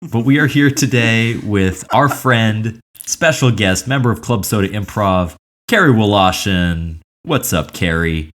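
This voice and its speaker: A man co-hosts a podcast in casual, lively banter, his voice sitting on the low side. He speaks quickly when introducing the guest and setting up bits. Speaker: podcast co-host.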